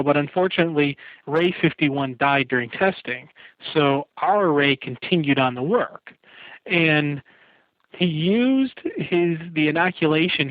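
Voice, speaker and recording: A man's voice: a little high, dry recording. A man co-hosting a casual podcast, recapping at length with light laughs. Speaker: podcast co-host. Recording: tinny phone-line sound.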